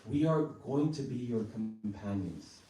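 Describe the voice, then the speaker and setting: A man's voice: expressive, a little slow, recorded from a distance, a little hiss or hum, natural voice. A man voicing a chorus of crying newborn demigod babies who plead in a raised voice, recorded from afar in an echoey temple hall. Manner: pleading, higher and louder.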